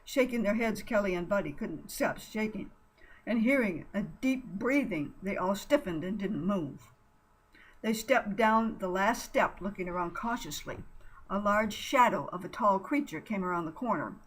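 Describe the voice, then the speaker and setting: A woman's voice: medium pitch, normal speed, breathy edge, low-quality recording. Woman reading a storybook aloud. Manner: expressive, with stumbles and self-corrections. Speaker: narrator. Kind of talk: storybook narration.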